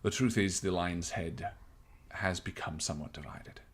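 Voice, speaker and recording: A man's voice: low voice, moderate pace, slightly rough. A man voicing a grave army captain. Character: stern, guarded male army captain.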